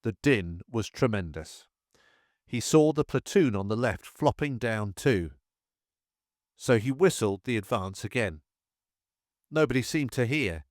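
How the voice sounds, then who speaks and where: A man narrates a wartime memoir in a steady, measured reading. His voice sits at a middle pitch. The recording is dry and close, with no room sound. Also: no room sound. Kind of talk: audiobook narration of a war memoir.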